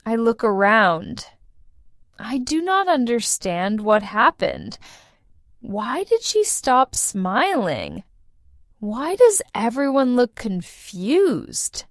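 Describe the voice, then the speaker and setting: A woman reading a short first-person story aloud for English learners, in a slow and deliberate manner. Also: a little high, big pitch swings, no echo, studio quality. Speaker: English teacher narrator.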